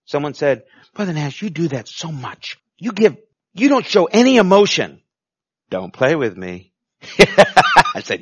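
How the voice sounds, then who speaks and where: Animated, emphatic man preaching. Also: a little slow, breathy edge, no room sound. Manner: preachy, emphatic, swinging from loud to low and back. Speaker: pastor. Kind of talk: sermon. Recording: dull, lo-fi recording.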